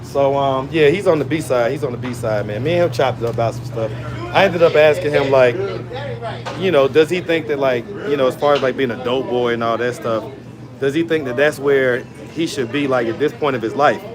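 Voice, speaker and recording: A man's voice: mid-range voice, brisk, crowd noise. A man, chatting loosely on a phone livestream from a pizza shop, full of slang and fillers. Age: 40s. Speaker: street interviewer and livestream host. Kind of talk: casual livestream chat.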